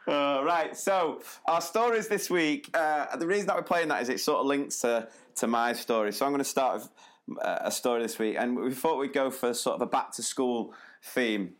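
A man co-hosting a podcast in relaxed, chatty talk, often laughing along with his partner. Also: mid-range voice, normal speed. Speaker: podcast co-host. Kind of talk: casual podcast chat.

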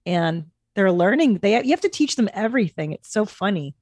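A middle-aged woman co-hosting a podcast, chatting casually with lots of swearing and animated storytelling. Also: medium pitch, a little fast, dry recording, studio quality. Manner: profane, animated storytelling with mimicked voices. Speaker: podcast co-host.

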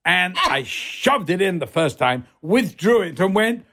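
A man telling a colorful anecdote as an interview guest, theatrical and animated, acting out other people's voices and swearing freely. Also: high-pitched, unhurried. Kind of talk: anecdotal storytelling.

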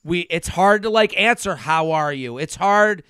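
A man's voice: high-pitched, animated, a little slow, a bit bright, clean tone, no echo, studio quality. A man who is a comedian guest, telling casual stories in a rambling, self-interrupting way and laughing often. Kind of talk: casual storytelling.

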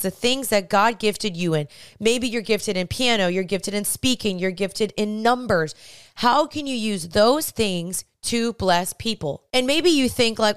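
A woman's voice: a little high, smooth, no room sound, studio quality. A young woman hosting a podcast, giving earnest, chatty faith-based advice straight to her listeners. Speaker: podcast host.

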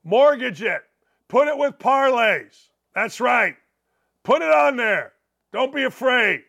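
A middle-aged man hosting a sports talk show, brash and jokey, shouting out his betting picks. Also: very high-pitched, animated, slow, gravelly, muffled recording.

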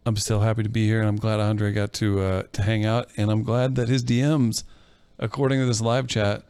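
A man chatting on a podcast, explaining himself in quick, rambling runs of speech. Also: on the low side, level tone, darkish tone, clean tone, no room sound. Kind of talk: casual podcast chat.

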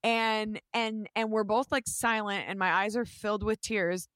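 A woman's voice: mid-range voice, unhurried, no room sound. Chatty young woman telling a story. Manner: animated storytelling, acting out quotes. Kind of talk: casual chat.

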